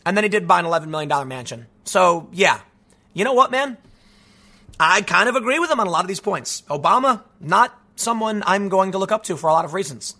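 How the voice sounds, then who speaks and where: A man giving a casual, animated commentary monologue, tossing in "dude" and "man" as he talks. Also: high-pitched, fairly quick. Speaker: political commentator.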